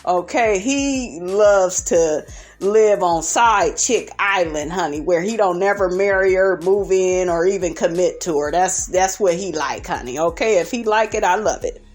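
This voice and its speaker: A woman's voice: on the low side, measured pace, faint music behind. A woman hosting a casual reality TV recap, sassy and blunt, swearing freely and tossing in "honey" and "okay" as she gossips. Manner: profane and blunt.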